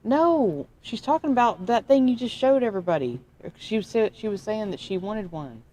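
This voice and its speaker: A woman's voice: mid-range voice, animated, moderate pace, mellow. Giggly woman reading out chat comments. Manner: giggly, reads out viewer comments. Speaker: livestream co-host reading chat. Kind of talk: casual livestream chat.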